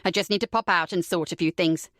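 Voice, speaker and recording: A woman's voice: fairly low pitch, quick pace, a bit bright, dry recording, clean studio sound, voice pushed down, close to an everyday voice. A woman reading an audiobook, voicing a cruel, foul-mouthed young man who taunts his captive with contempt. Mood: menacing. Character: cruel sneering young man, villainous captor.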